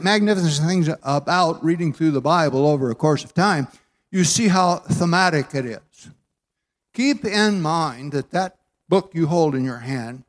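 A man in his eighties from Southern California, preaching a folksy, chatty sermon in a church sanctuary with plenty of fillers. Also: on the high side. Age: 80s. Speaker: pastor.

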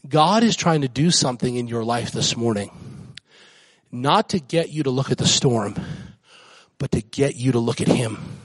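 A man preaching a sermon as guest pastor, climbing to excited high peaks and dropping to soft near-whispers. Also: breathy edge, dry recording.

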